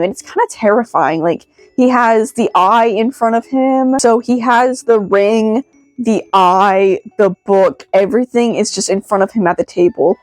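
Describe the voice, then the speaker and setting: A woman giving a casual, excitable video review, rambling with many "like" fillers. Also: on the high side, dry recording. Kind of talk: casual commentary.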